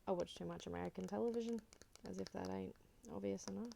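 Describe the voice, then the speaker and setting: An Australian woman chatting in a soft-spoken ASMR style, rambling and slipping in and out of a whisper. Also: medium pitch, fast talker, vocal fry, a little hiss or hum. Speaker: ASMR creator.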